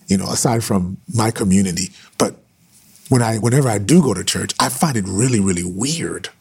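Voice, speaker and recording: A man's voice: fairly low pitch, a little mellow, breathy edge. A man preaching with fervor on a livestream, driving his points home by repeating phrases. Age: adult with sons. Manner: fervent, repeating phrases for emphasis.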